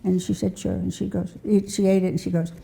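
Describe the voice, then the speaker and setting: Older woman with a gravelly, mellow voice telling stories. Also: mid-range voice, level tone, fairly quick. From New Hampshire. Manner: warm rambling anecdotes with frequent restarts and laughter. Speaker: storyteller sharing community memories. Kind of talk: casual spoken storytelling.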